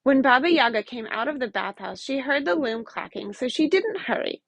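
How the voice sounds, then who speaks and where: Woman storyteller, expressive read-aloud, slightly high voice. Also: moderate pace, creaky, no echo, lo-fi sound.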